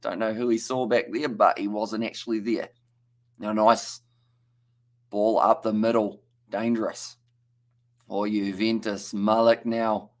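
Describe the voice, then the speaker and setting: A man's voice: lowish voice, little pitch movement, a little slow. A young man with a New Zealand accent giving casual live play-by-play commentary on a football match, chatting and reading out viewer comments between plays. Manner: chatty play-by-play, reads out viewer chat, stumbles on names.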